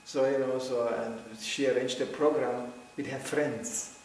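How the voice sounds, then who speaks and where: A man tells stories in an echoing hall, his mid-range voice unhurried. Sharing memories with a devotional gathering, he's lively, laughs often, and acts out quotes. Slight background noise, a very echoey room, and a distant mic shape the sound.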